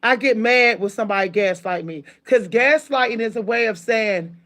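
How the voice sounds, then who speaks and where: With a voice on the high side and a slightly bright quality, a channel host vents her anger at viewers at a normal speed. Her storytelling is loaded with profanity and delivered with heated emphasis.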